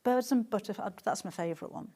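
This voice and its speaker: A woman's voice: mid-range voice, fast, dark tone, slightly rough. Chatty woman presenting fabric live. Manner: chatty, gushing, reads out viewer comments. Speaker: shopping channel presenter.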